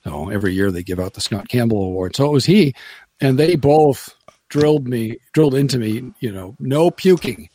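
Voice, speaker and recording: A man's voice: medium pitch, animated, moderate pace, dark tone, slightly rough, dry recording. A man, a former radio broadcaster, chatting casually as a podcast guest, rambling and restarting his sentences and laughing often. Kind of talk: casual chat.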